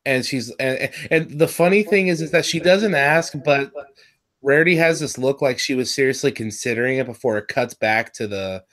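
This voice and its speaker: A man hosting a casual review chat, rambling and excitable, swearing often and restarting his sentences. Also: mid-range voice, moderate pace. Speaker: podcast host reviewing cartoon episodes.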